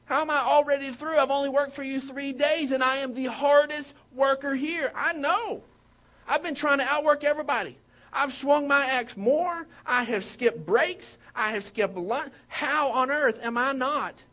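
A pastor voicing an indignant young logger. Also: male voice, extremely high pitch, wildly swooping pitch, fast talker, a bit bright, voice pushed up, heavily acted. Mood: indignant pleading. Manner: pleading, indignant. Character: desperate hardworking young male logger, protesting.

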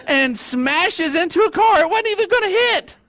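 High-voiced pastor telling a story. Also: male voice, normal speed. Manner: folksy, animated storyteller with stammered restarts. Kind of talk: sermon with storytelling.

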